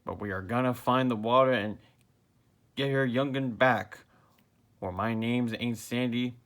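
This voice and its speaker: A spunky cartoon squirrel gal talks in a folksy drawl, voiced by a man. She sounds determined and plain-spoken. The pace is slow and even. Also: medium pitch. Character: plucky female cartoon squirrel with a country drawl.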